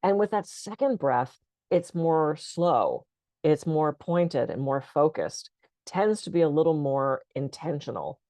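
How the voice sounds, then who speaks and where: A woman speaker on a video call, calmly and conversationally guiding listeners through breathing techniques for stress. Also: sits low, a little slow, dry recording. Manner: calm, conversational, gently instructive. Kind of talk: guided breathing talk.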